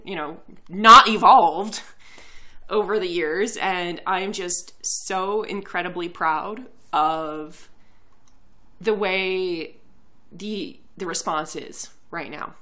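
A young woman chats on a podcast after a few drinks, with a tense, bright voice. She talks earnestly and fills her sentences with ums and restarts. Her pitch sits a little low. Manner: earnest, many fillers and restarts. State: tipsy from drinking. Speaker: podcast co-host. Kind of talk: casual podcast chat.

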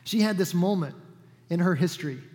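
A man delivers a sermon in a relaxed, conversational storytelling manner, slipping in casual asides between scripture readings. His voice sits a little higher than usual for a man. A long hall reverb trails behind his words. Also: fairly quick. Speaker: pastor.

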